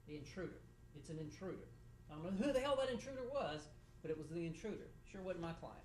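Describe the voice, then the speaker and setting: A middle-aged man, a judge, giving halting feedback with dry humor to students after a mock trial in a courtroom. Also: sits high, expressive, a little mellow, slight background noise. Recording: echoey room, voice from a distance.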